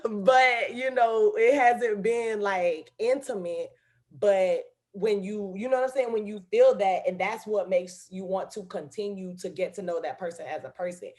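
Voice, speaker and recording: A woman's voice: medium pitch, measured pace, darkish tone. A woman hosting a podcast, talking frankly and laughing easily in casual chat. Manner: laughs often, candid and brash. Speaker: podcast host.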